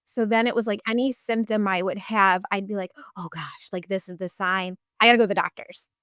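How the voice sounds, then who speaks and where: A woman's voice: mid-range voice, fairly even intonation, fairly quick, fairly bright tone, no echo, studio quality. A woman in her thirties, a podcast guest telling her personal story in a casual, chatty way full of fillers.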